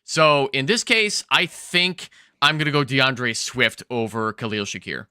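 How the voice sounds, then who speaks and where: Bright-voiced male fantasy football co-host. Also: mid-range voice, smooth, no room sound, clean studio sound. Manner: measured, explanatory, occasional stammer. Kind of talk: casual sports analysis chat.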